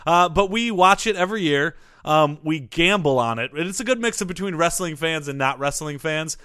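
A man's voice: fairly high pitch, expressive, normal speed, a bit bright, clear, resonant tone. A man chatting casually as a guest, making dry, wry jokes. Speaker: podcast guest. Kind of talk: casual chat.

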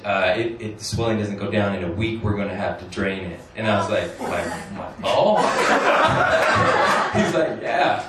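A man doing stand-up, telling a rambling, crude, self-deprecating story and chuckling through his lines. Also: on the low side. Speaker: stand-up comedian. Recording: echoey room from a distance, noisy.

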